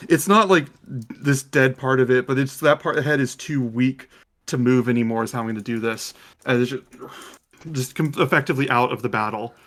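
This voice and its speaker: A man running a tabletop game as game master, who slows down when he describes the monsters. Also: mid-range voice, fairly bright tone.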